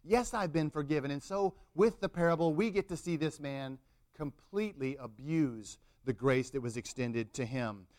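A man's voice: fairly high pitch, normal speed, a little mellow. A middle-aged man preaching a sermon, acting out the people in the story with rising intensity. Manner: dramatic, acts out quotes with rising intensity.

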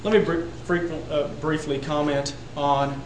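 A man preaching a sermon to a congregation, building to loud emphatic peaks on repeated words. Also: on the high side, level tone, unhurried, echoey room, background noise. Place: church sanctuary.

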